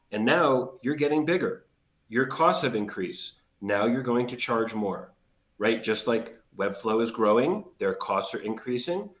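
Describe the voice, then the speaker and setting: A man's voice: medium pitch, reverberant. A man co-hosting a livestream podcast, explaining his points plainly and reading viewer comments aloud. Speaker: podcast co-host. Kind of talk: casual livestream chat.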